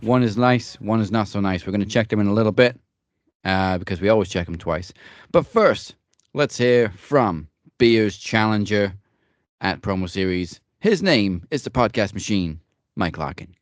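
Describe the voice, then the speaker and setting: A man's voice: on the low side, lively intonation, moderate pace, dry recording. A man co-hosting a fantasy wrestling podcast, laid-back with playful hype as he introduces segments. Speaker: podcast co-host. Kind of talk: podcast banter and show hosting.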